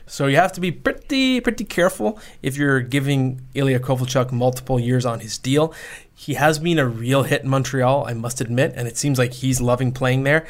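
A man's voice: medium pitch, moderate pace. A man in his thirties co-hosting a sports podcast, giving opinionated takes with frequent self-corrections. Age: 30s. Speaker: podcast co-host. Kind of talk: casual sports talk.

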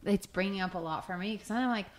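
A woman in her thirties, co-hosting a casual talk, telling animated stories and acting out what people said. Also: medium pitch, quick pace. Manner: animated storytelling, acts out quotes. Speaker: podcast co-host. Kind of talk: casual conversation.

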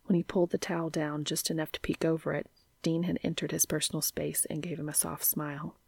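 A woman reading a story aloud in a soft, half-whispered narration. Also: low voice, little pitch movement, a little fast, gravelly, breathy edge, no echo. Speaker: reader.

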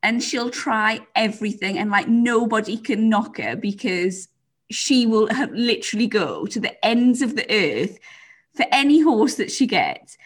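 Woman chatting away, loads of likes, bouncy husky voice. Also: fairly high pitch, lively intonation, measured pace. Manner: chatty, laughing, lots of "like", swearing. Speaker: podcast host. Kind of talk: casual chat.

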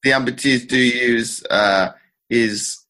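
A man hosting a podcast interview, asking probing questions in a hesitant, slowly built way. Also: medium pitch, fairly even intonation, sharp tone. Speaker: podcast host.

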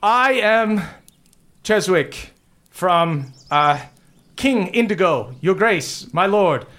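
A man's voice: sits high, lively intonation, drawn-out words, bright, forceful tone, pitched above the performer's own voice, heavily acted. A man voicing a terrified male envoy who stammers and begs as he delivers a threat. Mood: pleading. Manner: stammering, pleading.

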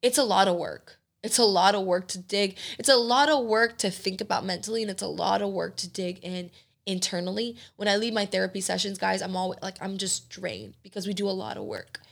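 A woman's voice: medium pitch, brisk, gravelly. A woman in her late twenties hosting a podcast, talking candidly and with emotion, swearing casually. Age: 20s. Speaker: podcast host. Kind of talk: candid personal talk.

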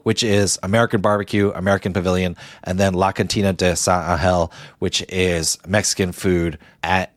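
A man's voice: on the low side, dry recording. A middle-aged man co-hosting a podcast, chatting casually with fillers and self-deprecating asides. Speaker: podcast co-host. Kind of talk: casual chat.

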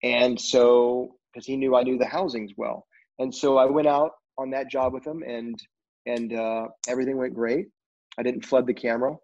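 This film crew guest, a middle-aged man, wanders through his story casually with lots of "you know" fillers. He speaks in a mid-range, a little mellow voice with fairly even intonation at a moderate pace. The recording sounds dull and lo-fi.

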